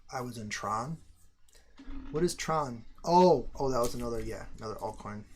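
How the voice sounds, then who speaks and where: Profane, rambling American livestream host. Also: male voice, medium pitch, moderate pace, a little hiss or hum. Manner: profane, rambling, loud outbursts. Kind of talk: casual livestream chat.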